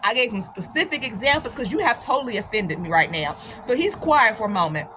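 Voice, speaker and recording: A woman's voice: fairly high pitch, animated, brisk, pushed and bright, slight background noise. A woman host telling a personal story in a casual, emphatic way, laughing often. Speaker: channel host.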